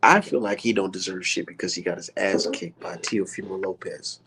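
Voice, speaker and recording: Gravelly, heated man ranting about boxing. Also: low-pitched, brisk. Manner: heated, animated, swears constantly. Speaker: boxing vlogger. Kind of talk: casual profane rant. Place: indoors, maybe art studio.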